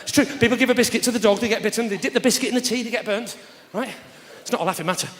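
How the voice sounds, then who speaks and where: A man doing live stand-up comedy, teasing the crowd, with loud punchlines. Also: sits high, racing. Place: large theatre stage with audience. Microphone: stage microphone. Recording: roomy live theatre with audience noise. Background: audience laughter.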